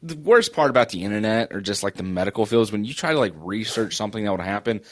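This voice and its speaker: A man with a lowish voice co-hosts a casual sports podcast. He rambles through self-mocking stories. He sounds sore and breathes with effort. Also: expressive, fast talker, fairly bright tone. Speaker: podcast co-host.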